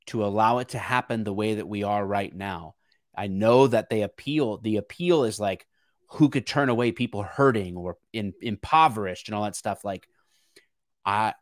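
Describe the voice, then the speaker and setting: A man's voice: fairly low pitch, no room sound, clean studio sound. A man co-hosting a podcast, talking through political issues in an earnest, searching way with frequent restarts. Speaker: podcast co-host. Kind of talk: casual political discussion.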